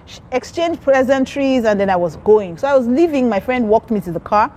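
A woman giving a sermon testimony, telling her story with animated, acted-out quoted voices. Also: fairly high pitch, fairly quick.

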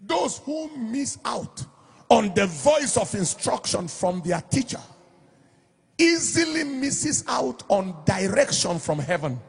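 A pastor preaching with real force, his voice high-pitched and rough with gravel. It sounds very husky and strained, and he swings from quiet asides to loud, sing-song emphasis. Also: big pitch swings, slow. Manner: emphatic preaching, shouting and lilting on key phrases. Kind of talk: sermon.

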